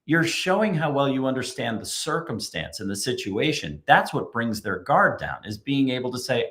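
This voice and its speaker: A man talks as a guest on a marketing podcast, middle-pitched and full of conviction. He drives his points home emphatically and acts out quoted customers along the way. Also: lively intonation, moderate pace, hardly any pauses, a bit bright. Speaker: guest, chief creative officer. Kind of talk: podcast conversation.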